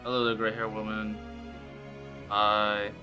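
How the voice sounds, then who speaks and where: A man's voice: on the low side, monotone, takes it slowly, music in the background. A man streaming a game and making joking, sarcastic asides as he plays. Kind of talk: casual gameplay commentary.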